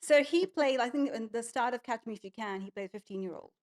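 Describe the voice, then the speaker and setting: A woman's voice: a little high, fairly quick. A woman hosting a casual interview, quizzing her guest with upbeat, leading questions. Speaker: host.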